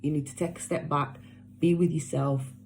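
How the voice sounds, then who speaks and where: A woman's voice: low-pitched, fairly even intonation, normal speed, vocal fry, a little mellow, a little hiss or hum. Blunt, caring woman reading tarot. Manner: emphatic, repetitive, blunt with swearing, caring. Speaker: tarot reader. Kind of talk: casual tarot reading to viewers.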